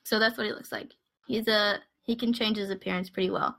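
Young woman, podcast host, bright tone, casual storytelling, wry asides. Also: medium pitch, fairly even intonation, brisk, vocal fry. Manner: chatty, wry asides while recounting a case. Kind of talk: casual true-crime storytelling.

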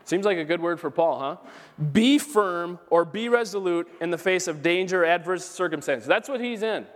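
Guy pastor preaching a sermon, kinda high voice, says things twice for emphasis, long church echo. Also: expressive, normal speed. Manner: preaches with emphatic repetition, quotes scripture aloud. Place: church sanctuary.

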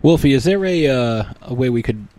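A man hosting a casual podcast chat, relaxed and steering the conversation. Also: mid-range voice, fairly quick, no echo.

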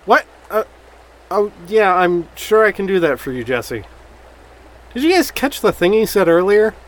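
An actor playing a dry, puzzled former corporal in an audio drama. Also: male voice, high-pitched, big pitch swings, measured pace. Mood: wry. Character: wry former corporal, Neil.

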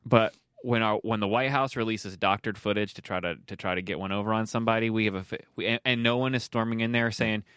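A man's voice: fairly low pitch, fairly even intonation, fast, few pauses, fairly bright tone, smooth, no room sound. A man co-hosting a radio show in casual banter, dropping sardonic, dry wisecracks. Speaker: radio co-host.

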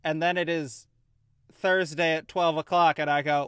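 Host, man from the midwest, bright and fairly high voice, dry close sound. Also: steady tone, smooth, no echo. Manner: quick, joking, sweary riffing. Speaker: podcast host. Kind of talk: casual podcast banter.

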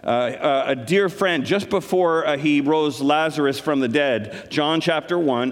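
A man's voice: fairly high pitch, measured pace, hardly any pauses. Earnest man preaching in a reverberant hall. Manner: earnest, conversational preaching with rising emphasis. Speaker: pastor. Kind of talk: sermon.

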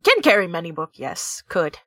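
A woman voicing a gruff male brawler in a tabletop game, with a put-on Russian accent and clipped, broken phrasing. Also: lowish voice, huge pitch swings, moderate pace, sharp tone, dry recording, clean studio sound, pitched below the performer's own voice, exaggerated voice. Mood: blunt. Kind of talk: tabletop role-play.

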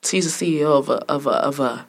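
A woman's voice: sits low, fast, gravelly, husky. A young woman hosting a casual podcast, teasing and laughing through the banter. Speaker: podcast host. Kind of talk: casual chat.

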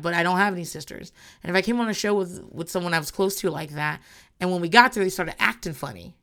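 A woman's voice: lowish voice, sharp tone, clean tone. A woman in casual chat, recapping a reality show in a blunt, rambling way and swearing often.

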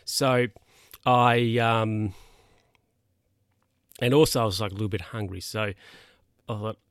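A man's voice: lowish voice, steady tone, measured pace, clear, resonant tone, dry recording, studio quality. A man hosting a podcast, rambling casually and often correcting himself mid-sentence. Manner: rambling, self-correcting, chatty. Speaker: podcast host. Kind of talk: casual solo podcast monologue.

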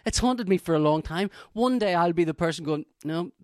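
A man's voice: high voice, fairly quick, no echo, clean studio sound. A man in casual podcast chat, telling a story animatedly and acting out quotes. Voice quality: animated storyteller, breaks into laughter and acted-out quotes.

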